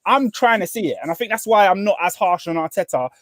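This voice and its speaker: A young man hosting a casual football podcast, talking fast and animated with many restarts. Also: high-pitched, no echo. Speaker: podcast host.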